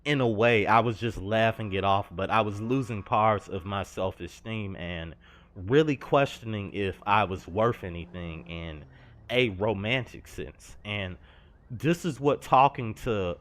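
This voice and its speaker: Young guy venting about his past over a game, kinda low voice, rambly and slangy. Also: unhurried, a bit bright. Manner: earnest and confessional, slangy, rambling with "you know". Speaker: gaming vlogger. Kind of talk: personal storytelling over gameplay.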